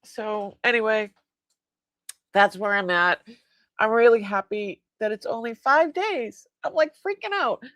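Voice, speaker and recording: A woman's voice: on the high side, animated, measured pace, fairly bright tone, no echo, studio quality. Chatty woman hosting a live sale. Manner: chatty storyteller, laughs often, acts out dialogue. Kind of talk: casual live-stream chat.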